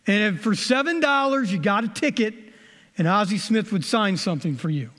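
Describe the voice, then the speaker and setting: A man's voice: high voice, animated, normal speed, fairly bright tone. Folksy man preaching in a reverberant hall. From American Midwest. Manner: folksy, conversational storytelling. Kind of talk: sermon with personal stories.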